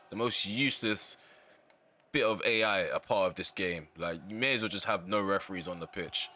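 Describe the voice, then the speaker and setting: A man's voice: low voice, steady tone, moderate pace, sharp tone, a little hiss or hum. A man giving live commentary over his own football video game match, often exasperated and ranting about how it is going. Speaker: gaming channel host.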